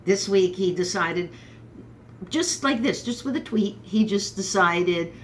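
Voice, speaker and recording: In a mid-range voice at a slightly slow pace, a woman from Brooklyn, New York hosts a political commentary monologue that rambles, drips with sarcasm and includes animated asides, with slight background noise behind her.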